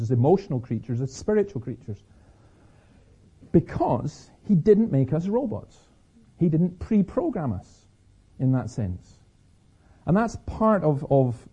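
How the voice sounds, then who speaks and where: Husky Scottish preacher with a sore throat. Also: male voice, medium pitch. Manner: lively storyteller, repeats words as he restarts. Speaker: speaker. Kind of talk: preaching talk to an audience. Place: stage before an audience. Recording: slightly dull lo-fi recording.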